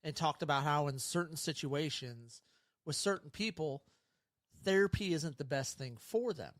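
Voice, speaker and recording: A man's voice: on the high side, normal speed, no room sound, clean studio sound. A middle-aged man co-hosting a casual podcast over beers, rambling through stories, acting out quotes and laughing often. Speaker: podcast co-host.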